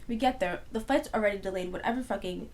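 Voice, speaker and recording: A young woman co-hosts a casual podcast, spilling a long story in an animated, rambling way full of "like" fillers. Her voice sits at a middling pitch. A faint hiss runs under the recording. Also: quick pace. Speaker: podcast co-host.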